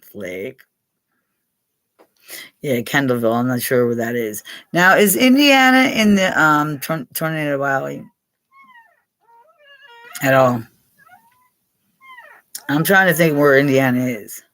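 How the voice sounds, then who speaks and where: A woman's voice: extremely low pitch, slow pace, long pauses, fairly bright tone, no echo. An older woman from Pennsylvania hosting a casual live chat with her viewers, rambling, swearing freely and laughing often. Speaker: live stream host.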